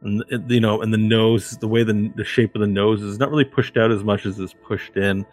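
Low-voiced guy game-mastering, rambly descriptive narration, faint music behind. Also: steady tone, fairly quick, darkish tone, no room sound. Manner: descriptive, meandering, many fillers.

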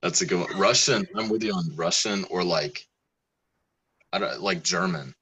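A podcast host in a casual chat, talking in an animated way with lots of fillers. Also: low voice, moderate pace, noisy background. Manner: animated, agreeable, filler-heavy.

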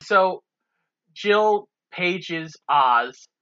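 A man's voice: high-pitched, animated, very slow, fairly bright tone. A man co-hosting a podcast, casually walking through a movie's plot and laughing along. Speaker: podcast co-host. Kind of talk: casual movie recap chat. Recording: dull lo-fi sound.

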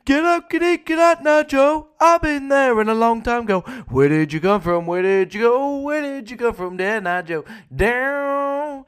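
A man doing an impression of a drunk, rowdy young man shouting at a wedding party. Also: extremely high pitch, expressive, unhurried, hardly any pauses, clear, resonant tone, voice pushed up.

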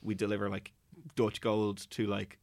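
A man's voice: fairly low pitch, monotone, moderate pace, a little mellow, dry recording. An Irish man telling a rambling comic story on a podcast, acting out the people in it. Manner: rambling anecdotal, acts out quoted people.

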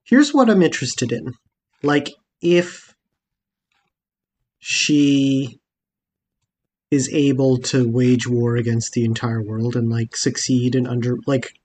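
A man's voice: mid-range voice, slow, pauses often, darkish tone. A man co-hosting a podcast, talking with lots of fillers and a wry edge. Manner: hesitant, filler-heavy, wry. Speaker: podcast co-host. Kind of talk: casual chat.

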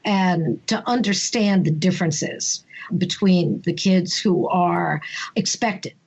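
A middle-aged woman with a New York accent, a podcast guest telling lively stories in a casual interview, bursting into high pitch and laughing often. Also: slow pace, creaky, dull audio. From United States, Brooklyn and Long Island. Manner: animated, jumps to high pitch for quoted voices, laughs often. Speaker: author and humorist, podcast guest.

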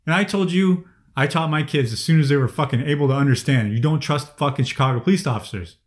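Slightly high-voiced man, furious, cursing constantly through a podcast rant. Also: fast talker. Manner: angry, profane ranting. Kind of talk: casual chat.

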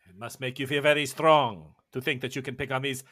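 A man voicing a short, pompous male tyrant who booms and boasts grandly. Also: steady tone, brisk, a bit bright, close to an everyday voice. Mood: boastful. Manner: booming, boastful, theatrical.

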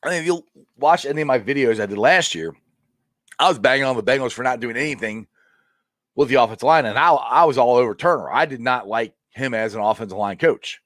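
A man hosting a casual live-stream sports show, excitable and rambling, with frequent laughs. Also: medium pitch, a little fast, no room sound, studio quality.

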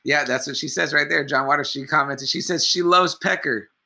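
A man's voice: on the high side, brisk, vocal fry. A man in his thirties co-hosting a casual live stream, swearing freely and acting out scenes. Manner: profane, laughing, acts out scenes in a loud put-on voice. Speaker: co-host of a live movie chat stream.

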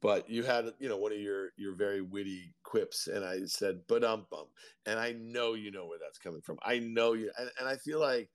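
Guy with a lowish voice riffing on stocks, dry close mic, kinda hyped. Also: moderate pace, hardly any pauses, no echo. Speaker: podcast co-host. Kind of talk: casual market chat.

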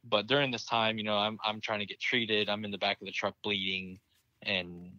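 A young man with a low but forceful, edgy voice recounts a battlefield injury in plain, profane conversation. He laughs at grim moments and never dresses anything up. The sound is dry and slightly dull, like a modest lo-fi recording. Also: little pitch movement, moderate pace, no echo. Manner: candid and plain-spoken, swears freely, laughs at grim moments. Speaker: interview guest, military veteran. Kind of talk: personal war story in casual conversation.

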